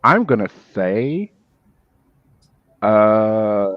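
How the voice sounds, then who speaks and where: Hesitant low-voiced player man. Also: very animated, drawn-out words, no echo, dull audio. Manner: hesitant, thinking aloud with trailing restarts. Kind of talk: casual chat while playing.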